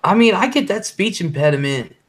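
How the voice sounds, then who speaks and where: Blunt, fast-talking man hosting a live stream. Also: high-pitched, animated. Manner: blunt, swears freely, reads chat aloud; talks fast. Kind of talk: casual live-stream chat.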